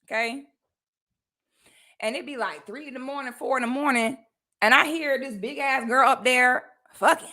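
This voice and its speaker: A woman's voice: sits high, moderate pace, long pauses, sharp tone. A young woman from Florida, ranting profanely and animatedly on a livestream. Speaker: streamer.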